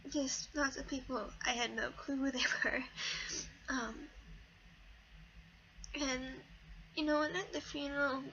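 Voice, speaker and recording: A teenage girl vlogging about something personal, halting and fighting back tears, with many pauses and fillers. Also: sits high, gravelly, bright, forceful tone. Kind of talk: emotional personal talk to camera. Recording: dull lo-fi audio with faint hiss.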